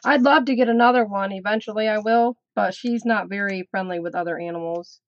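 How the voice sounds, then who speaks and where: A woman's voice: mid-range voice, a little fast, dull audio. A middle-aged woman chatting on a casual craft live stream, teasing her dog and laughing often. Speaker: craft channel host.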